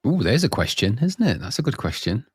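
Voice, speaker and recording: A man's voice: medium pitch, very animated, brisk, over loud music. A middle-aged man hosting a podcast, moving from a scripted intro into a chatty, laugh-filled conversation. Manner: chatty, self-mocking, laughs often. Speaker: podcast host. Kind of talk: scripted intro then casual chat.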